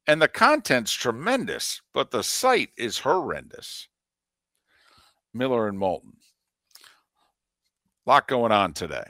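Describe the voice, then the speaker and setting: A man's voice: medium pitch, big pitch swings, takes it slowly, pauses often, bright, forceful tone, no echo, clean studio sound. A man co-hosting a sports radio show, giving emphatic opinions in casual sports talk.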